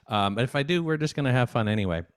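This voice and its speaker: A man's voice: mid-range voice, lively intonation, rapid-fire, clean tone. A man teaching an at-home music lesson for children from his desk, upbeat and chatty, talking straight to young viewers.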